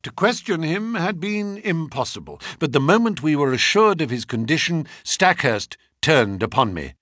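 A man narrates a mystery story in a husky, slightly breathy voice. His pitch moves in a lively way through the sentences. The sound is close and dry. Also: normal speed, dry recording. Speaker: audiobook narrator. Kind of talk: scripted narration with character voices.

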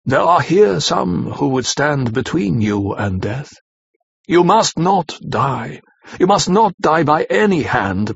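A man voicing a solemn, fatherly elderly professor who speaks slowly and gravely. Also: a little high, no room sound, pitched above the performer's own voice, exaggerated voice. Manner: slow, grave, pleading delivery. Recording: slightly dull lo-fi recording.

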